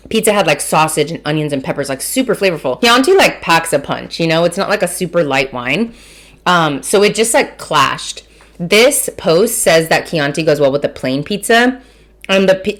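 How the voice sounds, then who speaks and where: Eating and tasting while she talks, a woman in her 30s from Mission, Texas hosts a casual food and wine podcast, chatty, self-mocking, and swearing freely. Her voice is on the low side and a bit bright.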